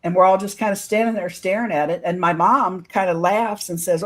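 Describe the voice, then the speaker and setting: A middle-aged woman earnestly telling a personal story in casual podcast talk, quoting others in lively voices. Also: fairly low pitch, fairly quick. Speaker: guest telling her own experience.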